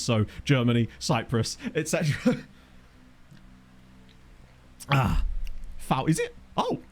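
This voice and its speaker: Lively, chatty man streaming a game. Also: on the high side. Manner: chatty, laughs often, reads out chat messages. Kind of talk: casual live-stream commentary. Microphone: USB desk microphone.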